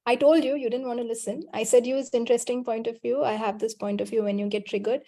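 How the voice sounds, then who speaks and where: Female coach on a video call, talks straight and scolding, mellow voice pitched a bit high. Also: steady tone, fast. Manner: blunt, direct, scolding. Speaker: healing coach and call facilitator.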